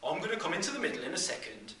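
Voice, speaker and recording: A man putting on a Birmingham accent to voice a kindly male schoolteacher, projecting his words loudly. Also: on the high side, huge pitch swings, very fast, reverberant, recorded from a distance, a crowd in the background, voice pushed up. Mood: announcing.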